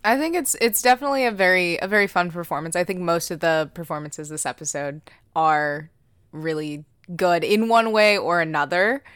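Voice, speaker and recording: Relaxed lower-voiced woman podcast guest. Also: normal speed, clear, resonant tone, no room sound, clean studio sound. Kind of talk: casual podcast chat.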